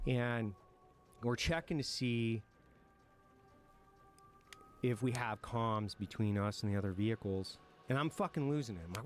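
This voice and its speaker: A military veteran telling war stories in an interview, frank and profane, reflective at times and breaking into nervous laughter. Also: male voice, on the low side, moderate pace, pauses often, faint music behind. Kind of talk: candid war storytelling in a podcast interview.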